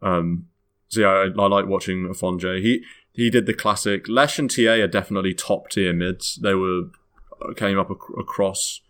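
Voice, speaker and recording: A man's voice: deep voice, normal speed, fairly bright tone. A British man co-hosting a podcast, recapping games with eager, casual chat. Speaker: podcast co-host.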